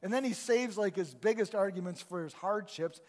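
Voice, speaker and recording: A man's voice: sits high, normal speed, darkish tone. A male pastor preaching a sermon in a conversational, emphatic way in a church. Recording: long reverb of a large hall.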